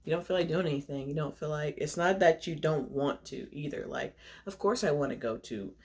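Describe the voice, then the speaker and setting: A woman's voice: deep voice, a little fast, darkish tone. A young woman talking casually to her camera in a video diary, chatty and open, laughing often and short of breath between phrases. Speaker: vlogger.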